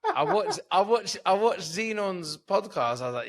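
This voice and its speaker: A man's voice: sits high, wildly swooping pitch, measured pace, creaky, fairly bright tone. A man chatting on a podcast as a comedian guest, tipsy and sleepy, rambling and swearing freely. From Cyprus. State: drunk and sleepy. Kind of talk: casual podcast chat.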